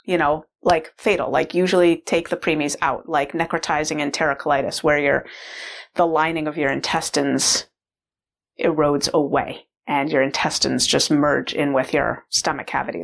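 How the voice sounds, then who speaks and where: A woman's voice: sits low, steady tone, measured pace, gravelly. A middle-aged mother telling a personal story in a casual, rambling way, full of "like" fillers. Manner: rambling, heavy use of "like" fillers.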